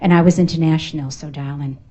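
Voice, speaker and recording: A woman's voice: sits low, fairly even intonation, quick pace, mellow, muffled recording. A middle-aged woman with a Boston accent giving an emphatic, playful motivational talk to a live audience at a networking event. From United States. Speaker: motivational speaker. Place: function room at a networking event.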